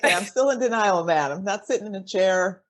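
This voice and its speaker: A woman's voice: mid-range voice, lively intonation, fast talker. A woman hosting a podcast interview, asking questions and cheering her guest on with short replies. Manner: brief affirming replies, asks questions. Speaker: podcast host. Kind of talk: casual interview chat.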